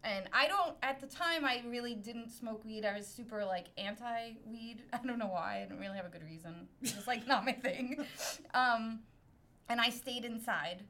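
A middle-aged woman from Brooklyn tells a story as a podcast guest in easy, chatty talk. Her voice sits a bit high and rings bright and sharp. She laughs through much of it and keeps poking fun at herself. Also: moderate pace, slight background noise. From Brooklyn, New York. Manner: laughs often, animated and self-mocking. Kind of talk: casual storytelling.

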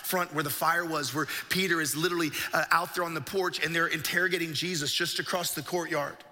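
Brief: emphatic male preacher, very bright tone, soft music under the sermon. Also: fairly high pitch, steady tone, fairly quick. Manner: vivid storytelling, emphatic. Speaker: pastor. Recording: echoey hall with faint music.

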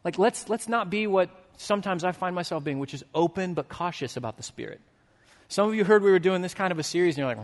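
Animated, high-voiced pastor in a reverberant hall. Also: male voice, brisk. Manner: storytelling, swinging from animated to hushed and earnest. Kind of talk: sermon.

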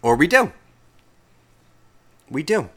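A man's voice: a little high, sing-song, takes it slowly. Profane rambling male podcast host. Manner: profane, rambling, self-interrupting. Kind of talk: casual solo podcast rant.

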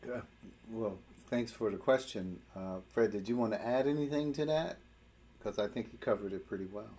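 A man leading prayer and a Bible study, speaking in a halting way as he searches for words. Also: lowish voice, warm tone.

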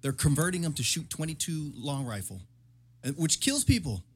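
A man in casual chat, explaining his point of view in a steady, explanatory way. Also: fairly high pitch, normal speed, breathy edge.

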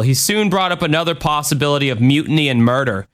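A man's voice: mid-range voice, lively intonation, brisk, few pauses, a bit bright, clear, resonant tone. A man hosting a podcast, chatting loosely with a cohost and reading out parts of a case, swearing often. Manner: laid-back, swears often, loose fillers. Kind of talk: casual chat and read narration.

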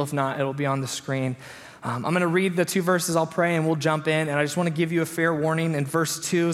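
A pastor in his thirties preaches to his congregation, and his slightly raised voice carries a long reverb from the hall. He tells his stories with animation and voices the other people in them along the way. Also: fairly high pitch. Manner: storytelling, animated quotes of himself and others. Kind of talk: sermon. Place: church hall.

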